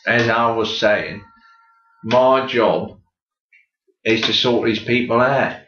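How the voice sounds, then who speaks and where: A man's voice: mid-range voice, takes it slowly, fairly bright tone, slight background noise. A stubborn man plays a matter-of-fact gravedigger in an improvised comedy sketch. His voice echoes around a roomy space. The recording has a dull, lo-fi demo sound.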